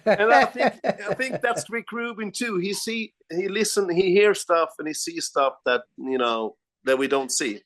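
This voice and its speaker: A man with a Swedish accent tells backstage stories in a slightly raised voice, stumbling over his words and breaking into laughter. He speaks over a remote call in a relaxed interview. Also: sits high, a little slow. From Sweden. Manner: animated anecdotes, frequent restarts, laughs often. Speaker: guest musician. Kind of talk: casual interview storytelling.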